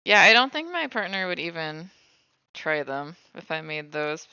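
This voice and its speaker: Chatty woman baking on stream, talks to herself while cooking, bright with some fry, dry dull lo-fi mic. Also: sits low, big pitch swings, normal speed, no echo. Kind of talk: casual livestream chat while baking.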